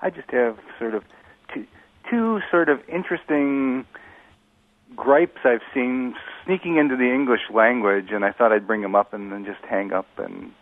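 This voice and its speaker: A man's voice: medium pitch, moderate pace, no room sound. A man calls into a radio show, his voice thin and boxy over the phone line. He talks casually and rambles a little, hedging his words. The sound is dry. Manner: casual, a bit rambling with hedges. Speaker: caller. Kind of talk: radio call-in.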